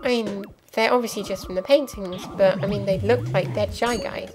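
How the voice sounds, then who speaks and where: A young woman speaks at normal speed in a mid-range voice with fairly even intonation, giving a casual let's play that's chatty and explanatory, with lots of ums and asides. It's a low-quality recording with game music clearly audible behind.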